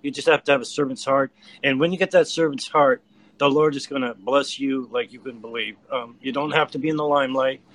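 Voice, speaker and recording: A man giving an earnest, halting testimony and urging listeners to get out and serve. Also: mid-range voice, steady tone, fairly bright tone, low-quality recording. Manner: earnest, hesitant starts, urging. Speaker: volunteer guest. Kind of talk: exhorting testimony.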